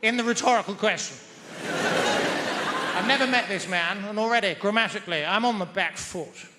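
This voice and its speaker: A man's voice: high-pitched, normal speed, a loud crowd, heavy background noise. A British man doing stand-up comedy on a theatre stage in a verbose, mock-pompous manner. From Britain. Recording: reverberant theatre hall.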